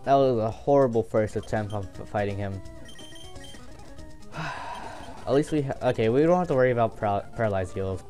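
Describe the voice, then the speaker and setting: A young man giving casual, excitable commentary while playing a game, swearing and joking to himself. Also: on the low side, moderate pace, long pauses, faint music behind. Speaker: gameplay commentator.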